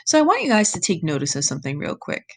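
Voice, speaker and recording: A young woman with a somewhat low-pitched voice talks a class through a myth she is reading. Her manner is relaxed and conversational, stopping often to explain words in everyday terms. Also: fast talker, gravelly. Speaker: teacher. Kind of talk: reading lesson, thinking aloud over a text.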